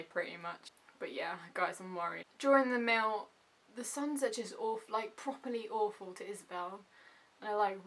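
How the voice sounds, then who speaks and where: A young woman chatting casually in a vlog, gushing and animated, full of asides and "like". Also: medium pitch, normal speed. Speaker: vlogger reviewing a TV episode.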